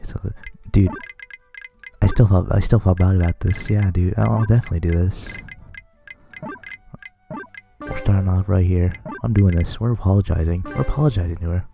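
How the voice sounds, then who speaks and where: A man's voice: low-pitched, steady tone, normal speed, vocal fry, pauses often, over music. A man casually commentating a game he plays, rambling and reading its text aloud. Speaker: let's play commentator.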